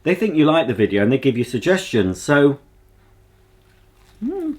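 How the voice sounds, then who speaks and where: A man's voice: on the high side, huge pitch swings, normal speed. A man with a Yorkshire accent chatting casually to camera as a vlogger, rambling and homely with lots of ums.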